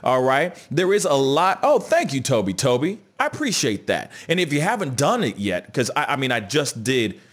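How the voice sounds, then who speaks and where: Animated man hosting a live news chat. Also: medium pitch, normal speed, few pauses, husky. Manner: animated, joking, greets viewers and reads chat aloud. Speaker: show host.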